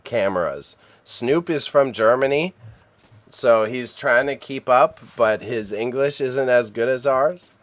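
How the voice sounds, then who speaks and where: A man's voice: mid-range voice, slow pace, dry recording. A man streaming casually as he edits photos, chatting and muttering to himself while he works. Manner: chatty, self-mocking, mutters while working.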